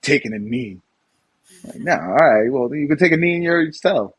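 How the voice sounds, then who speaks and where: A man's voice: mid-range voice, lively intonation, moderate pace, slightly rough. A man co-hosting a live podcast in casual chat, laughing often and acting out mocking voices. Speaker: podcast co-host.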